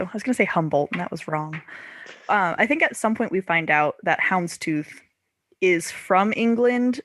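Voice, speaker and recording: A woman's voice: on the low side, a bit bright, dry recording. A woman hosting a casual book discussion podcast, laughing often and correcting herself as she goes. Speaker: podcast host.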